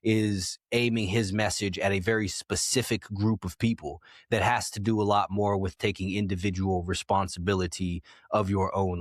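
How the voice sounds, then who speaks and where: A man co-hosting a casual opinion podcast, arguing his points with lively, rising emphasis. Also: no room sound, clean studio sound. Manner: animated, argumentative, voice jumps high for emphasis. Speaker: podcast co-host.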